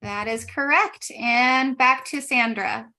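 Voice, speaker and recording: A woman moderating a spelling bee over a video call, giving brisk, matter-of-fact rulings. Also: fairly high pitch, sharp tone. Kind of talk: running a live online contest.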